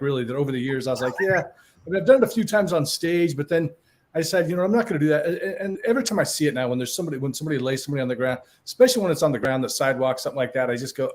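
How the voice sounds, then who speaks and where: A man's voice: fairly high pitch, a little mellow. A man hosting a live show, chatting in a reflective, conversational way. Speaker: hypnotist host. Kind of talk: casual chat.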